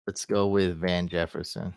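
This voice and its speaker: Man, low voice, live-stream host, thinks aloud, answers chat, dry close sound. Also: little pitch movement, moderate pace, clear, resonant tone, no room sound. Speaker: fantasy football streamer. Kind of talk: casual live-stream advice.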